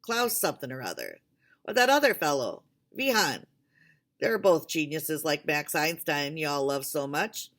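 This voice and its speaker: A woman's voice: low-pitched, big pitch swings, measured pace, fairly bright tone, heavily acted. A woman doing a folksy old Texan billionaire. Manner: drawling, folksy talk.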